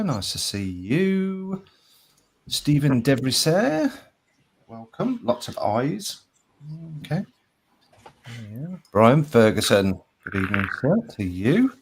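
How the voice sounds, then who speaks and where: A man's voice: medium pitch, very animated, slow, a little hiss or hum. A man with a Birmingham accent co-hosting a live show, reading out viewers' names with chirpy greetings and jokey asides. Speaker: co-host reading out chat names. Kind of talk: casual live-show banter.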